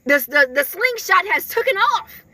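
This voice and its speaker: A woman's voice: very high-pitched, sing-song, normal speed, pushed and bright, a little hiss or hum. A woman giving casual spiritual messages in a chatty way, full of fillers, often laughing. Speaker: spiritual messenger.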